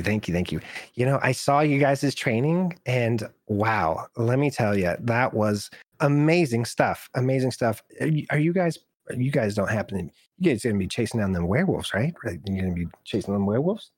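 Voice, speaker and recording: A man's voice: medium pitch, animated, husky, no room sound. A man voicing an eager, rambling halfling woman reporter who stammers and gushes. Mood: excited. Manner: stammering, rushed and gushing.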